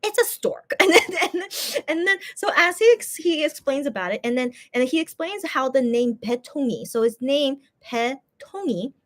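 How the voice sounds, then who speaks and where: A high-pitched woman talks through a video in casual reaction commentary. She rambles, restarts her sentences and often cracks up laughing. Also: normal speed. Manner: giggly, rambling, animated, many restarts; loud bursts of laughter. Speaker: fan vlogger.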